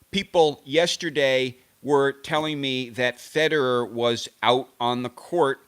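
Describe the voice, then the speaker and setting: A man's voice: mid-range voice, pushed and bright, clear, resonant tone. Rambling male tennis live-stream host. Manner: rambling, self-correcting, musing aloud over name pronunciations. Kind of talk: casual live-stream chat to viewers.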